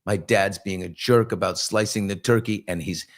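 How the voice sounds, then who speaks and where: Man in his own voice doing a frustrated wife pleading for calm, lowish voice. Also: moderate pace. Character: upset ex-wife pleading to keep the peace.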